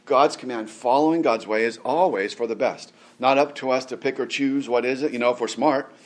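A man's voice: medium pitch, steady tone, brisk. A man as a pastor, giving a conversational sermon full of chatty asides, rhetorical questions and small laughs.

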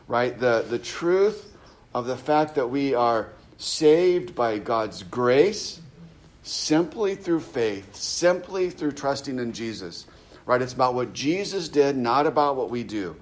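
A man's voice: medium pitch, lively intonation, slow. A man, a pastor teaching verse by verse through a Bible chapter in a conversational way, often tagging his points with "right?" and restarting phrases.

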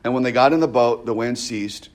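A man's voice: medium pitch, fairly quick. A man preaching a casual, conversational sermon, often checking in with his listeners and restarting phrases. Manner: conversational, frequent "right?" asides and restarts. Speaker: pastor.

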